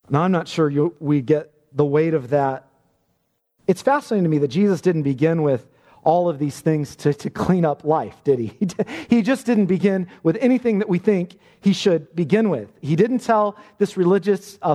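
Man preaching, high lively voice, mellow tone, emphatic, repeats words, long hall echo. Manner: emphatic, repeats words when stressing points. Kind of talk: sermon.

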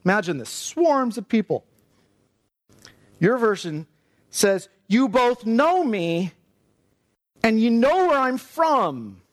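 Man, preacher, animated sermon, lively swings in pitch, dry close sound. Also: slow, long pauses, dry recording. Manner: animated, acts out quoted lines, laughs often.

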